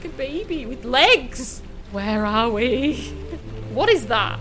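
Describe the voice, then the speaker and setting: A woman's voice: fairly high pitch, sing-song, slow, a bit bright, soft background music. A young woman playing a horror game live, talking to herself, shrieking at scares and laughing at herself. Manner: jumpy, screams and laughs, chatty. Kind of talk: live gameplay commentary.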